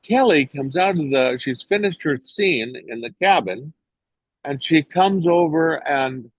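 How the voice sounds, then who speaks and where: An older man from England, an actor guest on an interview show, telling a story in a lively, animated way. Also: unhurried, dry recording, dull audio. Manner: animated storyteller, jumps to high voices when quoting others. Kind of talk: casual anecdote telling.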